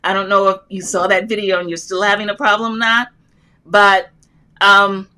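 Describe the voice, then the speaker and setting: A woman's voice: medium pitch, flat delivery, normal speed, bright, forceful tone, smooth. An older woman hosts a casual live stream, speaking from the heart in a loose, rambling and uplifting way. She reads her viewers' comments aloud and answers them as she goes, talking from an airport. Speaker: livestream host answering loom knitting questions.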